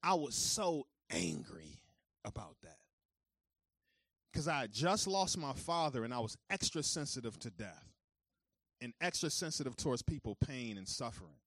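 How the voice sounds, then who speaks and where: A man preaching a sermon who moves between calm teaching and loud, high-pitched preaching, talking informally straight to his congregation. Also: normal speed, dry recording, clean studio sound. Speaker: pastor.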